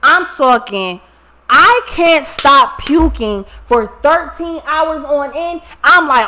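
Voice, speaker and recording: Woman host, blunt and profane, high bright voice, animated casual storytelling. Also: takes it slowly. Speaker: tarot reader and channel host.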